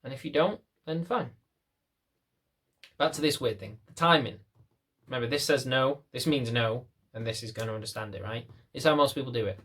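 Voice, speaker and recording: Male dog trainer, young, mid-pitched, talks bluntly to camera and rambles, mocking himself as he goes. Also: normal speed, a bit bright, breathy edge. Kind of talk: casual talk to camera.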